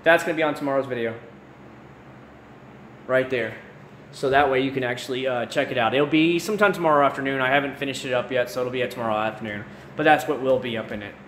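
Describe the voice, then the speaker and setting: On a late-night livestream, a thirties-aged male host chats casually with his viewers, rambling and calling them by name. He speaks quickly at a medium pitch with a fairly bright tone, and the room echoes with a faint background hum of noise.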